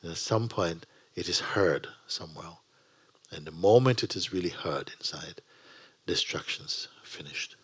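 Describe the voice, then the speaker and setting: A man teaching a spiritual gathering in a gentle, unhurried way, often dropping to a whisper. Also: deep voice, slightly rough. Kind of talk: sermon to a gathering. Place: satsang gathering.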